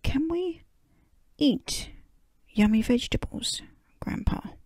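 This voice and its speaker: Eager little piglet girl in whispered role-play, breathy and pitched up, read by a woman. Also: lively intonation, slow, darkish tone, no room sound, clean studio sound, exaggerated voice. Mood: excited. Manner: eager, pleading.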